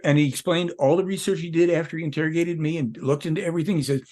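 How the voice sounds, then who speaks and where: Husky-voiced man, rambling and emphatic. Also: fairly high pitch, steady tone, racing, few pauses, darkish tone. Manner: rambling, emphatic, jumps between points. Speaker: guest. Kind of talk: casual interview talk.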